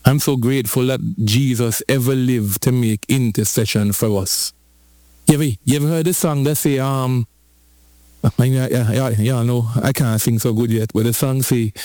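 A man preaching a lively sermon, switching into patois and drawing out lines slowly for emphasis. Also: medium pitch, no room sound. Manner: animated, rhythmic preaching in patois-flavored speech.

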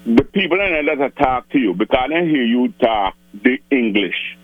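A man in a casual radio chat, talking haltingly, repeating words and slipping into island dialect. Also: medium pitch, lively intonation, dry recording, narrow, tinny audio.

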